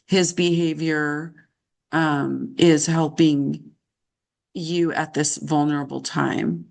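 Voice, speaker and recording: A woman practicing as a counselor, calmly paraphrasing and reflecting back what she hears. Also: deep voice, slow, creaky. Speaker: counselor in training.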